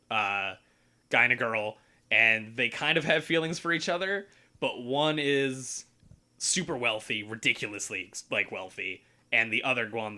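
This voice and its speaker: A young man hosting a podcast, casually retelling a story in an animated way, acting out the characters and swearing freely. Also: mid-range voice. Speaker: podcast host.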